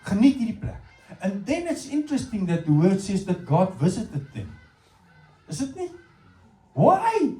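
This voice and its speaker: A middle-aged man with a South African accent preaches a sermon, telling stories and talking straight to his congregation. His voice is a touch high and swoops up and down with lively energy. He sounds far from the mic in a roomy, echoing church hall. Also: a little slow, pauses often. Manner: animated storytelling, addressing the congregation directly.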